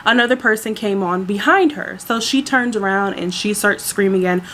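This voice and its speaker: A woman's voice: medium pitch, normal speed, slight background noise. A woman flight attendant casually telling a story about her workday to her viewers, chatty and exasperated. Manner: chatty, exasperated, animated retelling.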